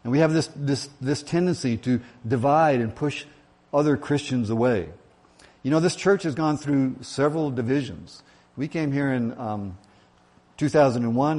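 This pastor's voice is mid-range with a darkish tone. He delivers a sermon that includes an old joke, told folksily and at his own expense, with plenty of fillers.

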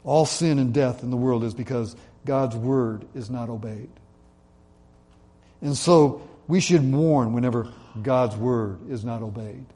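Earnest man preaching, mellow voice. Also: medium pitch. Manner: earnest, slows and drops his voice for emphasis. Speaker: pastor. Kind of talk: sermon.

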